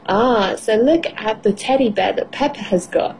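A woman teacher on an educational radio show, reading a children's story aloud and asking learners simple questions in a slow, clear, encouraging way. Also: fairly high pitch, a little mellow, a little hiss or hum. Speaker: English teacher. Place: radio studio.

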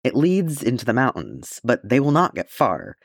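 A wary, uneasy soldier who speaks with caution, voiced by a male audiobook reader. His lines sound a little higher than the reader's narration, recorded dry and close. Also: huge pitch swings, normal speed, gravelly, dry recording, exaggerated voice.

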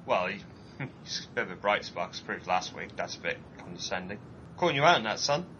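A man co-hosting a casual chat show, ranting animatedly and mocking people in put-on high voices. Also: lively intonation, brisk, highs cut off, background noise. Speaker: podcast co-host.

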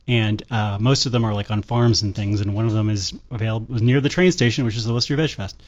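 Male podcast co-host, quick and jokey, rambling storyteller, slightly muffled basement recording. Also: fairly low pitch, steady tone. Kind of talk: casual local-politics chat. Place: basement studio with a large dog.

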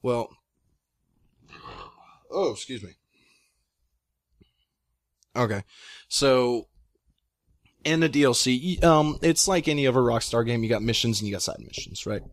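A young man telling a long story in casual chat, rambling and excitable, with many fillers. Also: medium pitch, a little slow, long pauses, no echo, clean studio sound. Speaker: guest storyteller.

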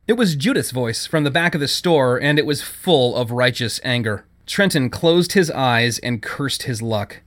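A man narrating a story as an audiobook, with expressive storytelling. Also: medium pitch, measured pace, hardly any pauses.

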